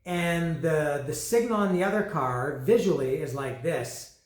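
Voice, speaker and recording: A man's voice: a little high, measured pace. Rambling man reviewing an album, roomy sound. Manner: rambling and self-deprecating, often restarting sentences. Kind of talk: casual solo album review.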